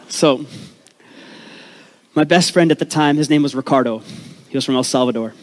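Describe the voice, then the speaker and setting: A man's voice: mid-range voice, a little hiss or hum. A man from Vancouver, telling his life story on stage as a comedic talk, candid and profane with joking asides to the crowd. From Canada, Vancouver.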